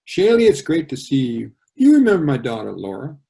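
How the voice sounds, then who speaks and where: A man's voice: medium pitch, huge pitch swings, fairly quick, gravelly, mellow. A man reading a cheerful middle-aged dad. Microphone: video call.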